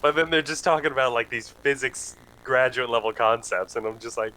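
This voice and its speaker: A man's voice: medium pitch, brisk, low-quality recording. A man playing a tabletop game, chatting in a playful, joking way. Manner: playful, joking, lively delivery. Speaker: player. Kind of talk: casual chat at a game table.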